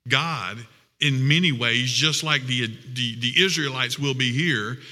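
A man preaching a sermon as pastor, with earnest, emphatic, drawn-out phrasing. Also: medium pitch, pushed and bright, in a large hall.

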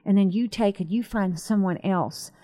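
Animated woman telling a faith story. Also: mid-range voice, moderate pace. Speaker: Christian talk show co-host. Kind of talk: conversational faith talk.

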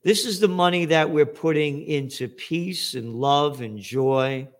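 A man hosting a show, ranting with angry, profane commentary and shouting outbursts. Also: on the high side, a little slow. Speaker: show host.

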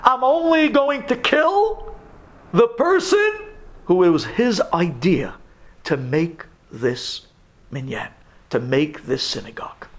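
A man's voice: high voice, big pitch swings, slow, voice pushed up, full character voice. A man voicing a cruel pasha who threatens a congregation with mock mercy, in a sermon story. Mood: menacing. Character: cruel middle-aged male pasha, menacing ruler.

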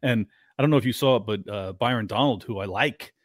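A man's voice: fast, dry recording, studio quality. A man talking politics as a podcast guest in casual chat, incredulous and mocking. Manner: incredulous, goes sharply higher when mocking.

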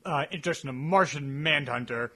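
A man with a bright, forceful voice pitched a little high, co-hosting a casual review podcast. He talks in long, rambling runs, packed with "like" and restarts. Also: brisk. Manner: rambling, heavy use of "like" fillers. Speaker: podcast co-host.

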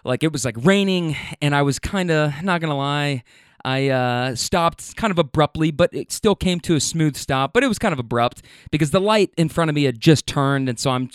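A man's voice: on the high side, expressive, moderate pace, smooth, no room sound, studio quality. Chatty young man hosting a podcast. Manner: chatty, laughs often, acts out quotes. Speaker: podcast host. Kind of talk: casual solo podcast storytelling.

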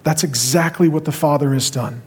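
A middle-aged male pastor preaching a sermon with impassioned, dramatic pauses, in a church auditorium. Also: a little high, a little mellow, slightly rough. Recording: reverberant large hall.

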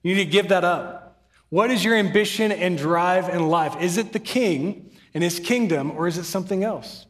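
A man's voice: sits high, normal speed, big-room sound. A man giving a sermon as pastor, earnest and conversational, with humorous asides, in a church sanctuary.

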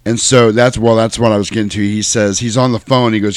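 A man's voice: lowish voice, little pitch movement, fairly quick, dry recording. A man chatting casually on a podcast, animatedly retelling a movie scene by scene and laughing often. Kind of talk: casual chat recapping a movie.

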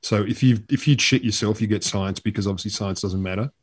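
A man's voice: on the low side, fast, husky, dry recording. An Australian man co-hosting a politics podcast, sarcastic and blunt, swearing freely. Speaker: podcast co-host. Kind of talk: casual podcast chat.

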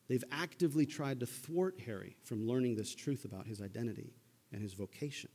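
Conversational preacher in a reverberant hall. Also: male voice, mid-range voice, a little fast, dark tone. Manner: conversational, checks in with listeners. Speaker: pastor. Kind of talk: sermon.

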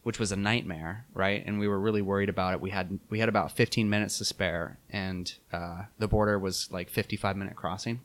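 A young man telling a travel story in a casual chat, animated and laughing, with many fillers. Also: sits low, brisk, few pauses.

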